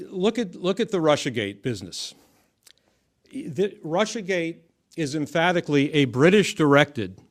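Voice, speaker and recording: Emphatic male political commentator. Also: fairly high pitch. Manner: measured, emphatic delivery with frequent restarts.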